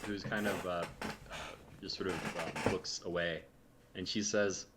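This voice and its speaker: A man narrating a tabletop game as game master, pausing often with ums and uhs. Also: deep voice, fairly even intonation, very noisy. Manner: hesitant, many ums and uhs.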